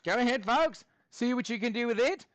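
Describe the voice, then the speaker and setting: A man's voice: very high-pitched, expressive, a little fast, slight background noise. A male math teacher leading his class, playful and joking, tossing in mock Australian slang as he works through problems.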